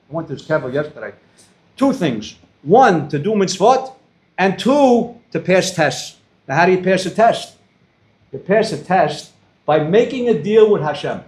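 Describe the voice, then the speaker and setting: Animated older man telling stories. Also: sits high. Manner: animated, acts out dialogue in his stories. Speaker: guest speaker. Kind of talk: storytelling address to students. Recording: roomy hall echo.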